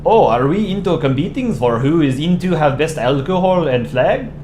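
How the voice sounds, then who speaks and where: A man's voice: on the high side, expressive, moderate pace, darkish tone, voice pushed up, close to an everyday voice. A man voicing a boastful male countryball Denmark in a mock Danish accent with mangled broken English, in an echoey room with noise.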